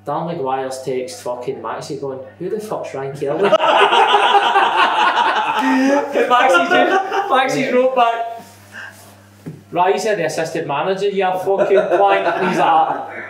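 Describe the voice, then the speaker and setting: A man's voice: sits high, measured pace. A man hosting a podcast, swearing and laughing through casual banter. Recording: echoey room with crowd noise.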